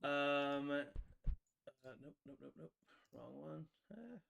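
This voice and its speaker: A man playing a tabletop game, talking casually in an animated, rambling way full of fillers and laughs. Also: fairly high pitch, slow, gravelly, a little hiss or hum. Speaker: player.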